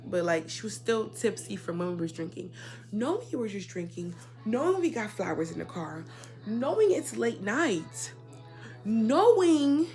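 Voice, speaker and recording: Young woman ranting a storytime, high voice, loud then quiet, faint music behind. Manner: animated, indignant, swings between loud and quiet. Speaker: storyteller vlogger. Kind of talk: casual storytime rant.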